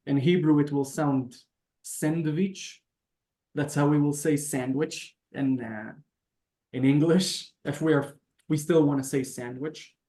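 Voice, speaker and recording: A man leads a beginner language lesson over a video call, taking his time and sounding out each word slowly. His voice sits a little high for a man. A roomy echo hangs around him on the call audio. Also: warm tone. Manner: patient, explains step by step and sounds out words slowly. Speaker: Hebrew teacher.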